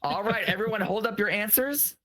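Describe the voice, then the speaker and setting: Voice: mid-range voice, a little fast, pushed and bright. A game show host running a casual online contest, playful and teasing, laughing often, over a video call.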